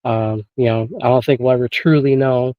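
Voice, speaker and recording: Speaking a little fast in a steady, mid-range voice, a man joins an interview by remote call, the audio dull and free of room sound. His casual chat about paranormal investigating wanders, packed with filler phrases and regular chuckles.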